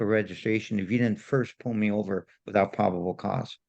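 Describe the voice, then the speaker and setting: Man, podcast co-host, gravelly low-fi voice, animated indignant storyteller. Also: brisk, hardly any pauses, dull audio. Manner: animated, indignant, repeats himself. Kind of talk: casual storytelling.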